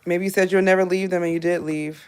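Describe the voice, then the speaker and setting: A woman in her thirties giving a live tarot reading, talking bluntly in casual, animated bursts with laughing asides. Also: fairly low pitch, quick pace, smooth. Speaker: tarot reader and therapist.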